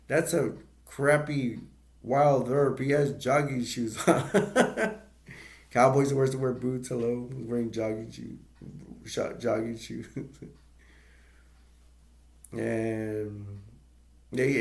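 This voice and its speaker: A man with a gravelly, creaky voice at an ordinary middle pitch recaps a movie in a loose, casual way. He rambles and restarts often, filling gaps with ums and uhs. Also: level tone. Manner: rambling, halting retelling with many fillers and restarts. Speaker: movie reviewer.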